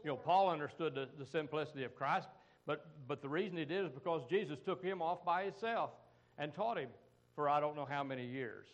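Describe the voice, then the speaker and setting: Preaching with a homey, conversational feel, this middle-aged American man repeatedly breaks into "amen" and "come on" asides to his congregation. His voice sits somewhat high for a man, his pace is a little fast, and the audio sounds dull.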